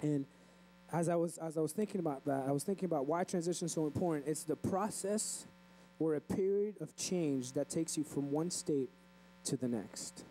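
Casting: male pastor, high but mellow voice, chatty preaching with restarts. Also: normal speed, a little hiss or hum, rough recording. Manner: conversational, repeats and restarts words. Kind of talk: sermon. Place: church.

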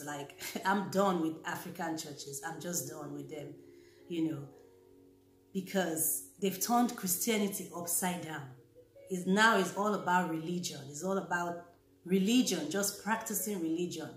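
A woman's voice: on the low side, a little slow, echoey room, soft background music. A woman talking casually and earnestly to fellow Christians, repeating her key points as she warns them. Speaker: Christian vlogger. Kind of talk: casual talk to camera.

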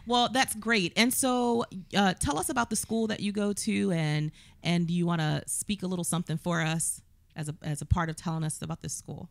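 A woman's voice: lowish voice, fairly even intonation, a little fast, creaky, no room sound. Upbeat woman talk show host. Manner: upbeat, playful, laughs easily. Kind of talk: casual interview chat.

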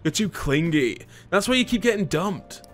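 A man doing a shrill gossipy girl. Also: animated, normal speed, faint music behind. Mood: scolding. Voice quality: high falsetto.

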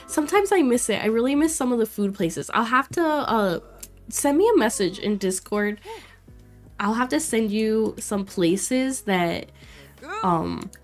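A young woman from Florida streaming a life sim game, chatting casually with her viewers, reacting loudly and laughing often. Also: on the high side. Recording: faint music behind.

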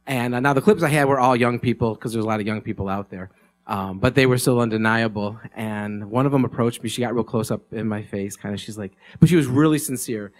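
A man telling a story at a live gathering. He speaks into a microphone in a relaxed, conversational way, with many fillers and restarts. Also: on the low side, fast talker. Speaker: speaker sharing a testimony. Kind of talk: casual spoken storytelling.

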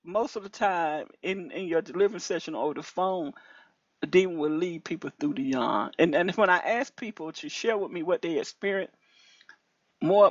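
A woman minister giving an animated testimony over a phone call, preachy and repetitive, her voice leaping high when excited. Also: no echo. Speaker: deliverance minister. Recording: dull lo-fi call audio.

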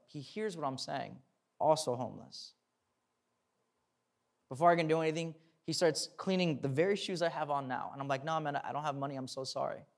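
A young man, a pastor, telling a personal story in a sermon, acting out the dialogue and then preaching earnestly. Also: a little high.

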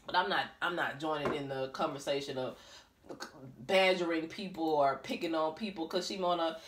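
A woman's voice: deep voice, normal speed, slight background noise. A woman vlogger delivering a blunt, profane rant to camera, talking in an emphatic way and laughing between her points.

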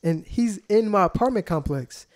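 A young man, a podcast guest, telling stories in an animated, excitable way during casual chat. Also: high voice. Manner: animated storyteller, quick and excitable. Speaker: guest, aspiring wrestler.

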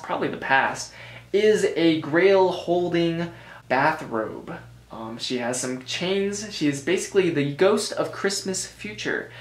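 An American man giving a casual review commentary, rambling with joking asides and frequent self-corrections. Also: on the high side. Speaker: board game reviewer. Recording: roomy echo.

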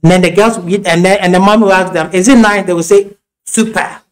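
A man's voice: sits high, fairly even intonation, quick pace, poor audio. A man with a Ghanaian accent preaching a sermon in a church, telling homely stories with frequent restarts and laughing asides. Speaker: pastor.

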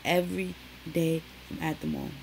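A woman's voice: low voice, huge pitch swings, moderate pace, slight background noise, low-quality recording. A young woman, chatting casually to her viewers and peppering her talk with "like" and "y'all". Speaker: vlogger. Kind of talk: casual chat to camera.

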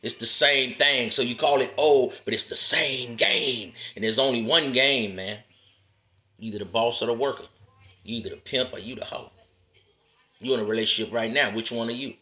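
Bright-voiced man lecturing other men. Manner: street-style lecturing, repeatedly calling the listener "man" and "brother"; emphatic, swings between loud punchy lines and low drawn-out asides. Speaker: motivational speaker addressing men. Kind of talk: preachy direct-to-camera monologue.

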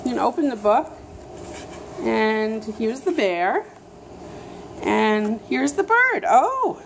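A woman's voice: fairly high pitch, big pitch swings, slow, gravelly, a little hiss or hum. A young woman reading a picture book aloud to a baby in gushing, sing-song baby talk, full of exaggerated wonder.

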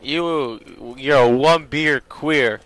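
A man's voice: mid-range voice, very slow, fairly bright tone, rough recording. A man playing a co-op game, reacting with exasperated, laughing banter. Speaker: co-op gamer. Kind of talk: casual gaming banter.

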